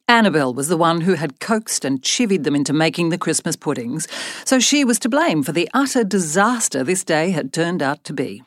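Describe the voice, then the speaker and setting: A woman's voice: fairly low pitch, no echo, studio quality. A woman reading an audiobook novel aloud in a scripted narration style, lightly voicing the characters. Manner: expressive, voices characters lightly.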